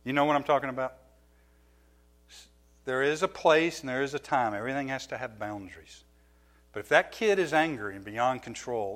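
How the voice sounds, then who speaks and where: A middle-aged man giving a sermon as a pastor, telling stories from his own life with lively, self-mocking laughter. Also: mid-range voice, moderate pace, long pauses. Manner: animated storytelling, laughing at himself.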